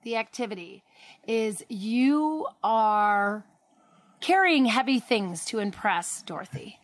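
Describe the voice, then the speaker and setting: A woman's voice: fairly high pitch, lively intonation, slow pace. A woman co-hosting in casual chat, hesitant and teasing. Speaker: co-host.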